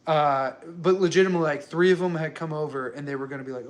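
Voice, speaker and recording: A man's voice: a little high, fairly even intonation, fast talker. A young man talking casually to camera at home, rambling and chatty, with many fillers and restarts. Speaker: working dad vlogger. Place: his home.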